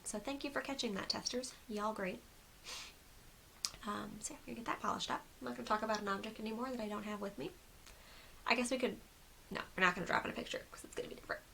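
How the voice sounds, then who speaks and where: Chatty woman with a gravelly edge. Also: a little high, a bit bright, a little hiss or hum, low-quality recording. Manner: chatty, rambling, frequent ums. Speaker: crochet designer and podcast host. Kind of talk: casual video podcast chat. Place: seated at home on camera.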